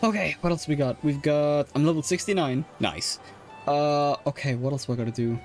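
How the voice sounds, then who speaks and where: A man's voice: a little high, brisk, soft background music. A young man with an Irish accent chatting casually while streaming a game, rambling with lots of fillers, restarts and laughs. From Ireland. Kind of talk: casual chat while gaming.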